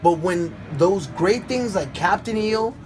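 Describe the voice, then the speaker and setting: A middle-aged man, a dancer, telling stories casually in an animated, excited way and acting out other people's voices. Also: sits high, slow, background noise. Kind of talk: casual storytelling.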